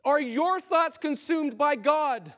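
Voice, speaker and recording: A man preaching a sermon in a church, impassioned, rising to loud cries and then dropping low and quiet. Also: takes it slowly. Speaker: pastor. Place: church sanctuary.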